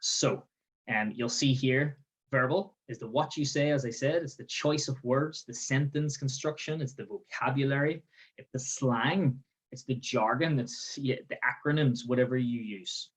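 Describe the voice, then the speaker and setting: A man leads a workplace training webinar in a clear, explanatory way. He breaks ideas into short lists and keeps asking "okay?" to bring the listener along. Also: mid-range voice, normal speed, poor audio. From Northern Ireland. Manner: explanatory, repeats "okay?" as a check-in. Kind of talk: webinar presentation. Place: outdoors in the sun.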